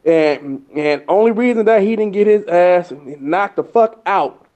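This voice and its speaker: A man's voice: high voice, a little slow, a little mellow. A man telling rambling work anecdotes in casual chat, with fillers, acting out the dialogue. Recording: dull lo-fi recording.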